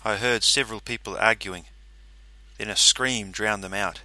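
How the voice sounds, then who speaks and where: Lower-pitched man narrating a story. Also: steady tone, normal speed, sharp tone. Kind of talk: first-person story narration.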